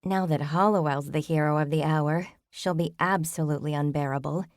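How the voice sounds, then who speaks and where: A woman reads as a blunt, scornful friend who speaks her mind without filter. It is a close, dry reading in a low voice. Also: fairly even intonation, fairly quick, dry recording.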